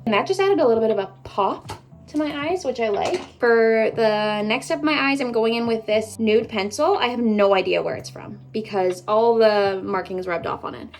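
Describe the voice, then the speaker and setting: A Canadian beauty vlogger in her twenties chats casually with viewers while doing her makeup, bubbly and full of rambling asides in a get-ready-with-me video. Her voice is on the high side at a moderate pace, with soft music in the background.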